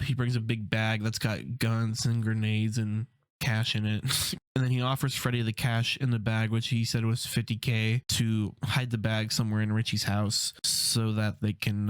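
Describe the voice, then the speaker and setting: A man hosting his own film channel, retelling a TV episode in a loose, casual way, with lots of "like" and quick stabs at the characters' voices. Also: fairly low pitch, smooth, dry recording.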